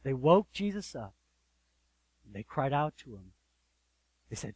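A man with a high, light voice delivers an earnest sermon in a dry, close room. He swells to loud emphasis, then drops almost to a hush, and keeps turning to his listeners with rhetorical questions. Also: big pitch swings, normal speed, long pauses, dry recording, poor audio. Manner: addresses listeners directly, asks rhetorical questions. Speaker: pastor.

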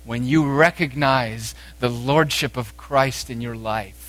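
A male preacher delivering a sermon at an unhurried, deliberate pace. His voice sits in an ordinary middle pitch. He swings between raised, emphatic exhortation and quiet, intense passages.

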